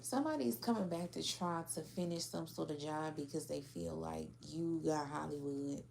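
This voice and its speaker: A woman's voice: low-pitched, normal speed, gravelly, darkish tone, a little hiss or hum. A woman giving a casual tarot reading to a general audience, blunt and profane, acting out how other people react. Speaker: tarot reader.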